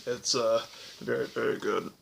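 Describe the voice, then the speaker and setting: A man's voice: medium pitch, moderate pace, gravelly, slight background noise. A young man casually ranking horror films, rambling with lots of fillers and self-corrections, voice cracking from hiccups. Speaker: movie reviewer.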